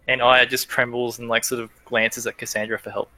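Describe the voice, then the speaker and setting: A man's voice: mid-range voice, flat delivery, fairly quick, few pauses, bright, forceful tone, no room sound. A man narrating as game master of a tabletop role-playing game, hesitant and full of fillers and restarts.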